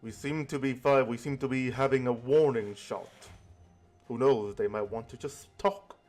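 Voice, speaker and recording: A man's voice: medium pitch, normal speed, darkish tone, faint music behind, close to an everyday voice. A man voicing a hearty male pirate ship captain who calls everyone mate. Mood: jovial. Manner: hearty sailor slang, calls others mate.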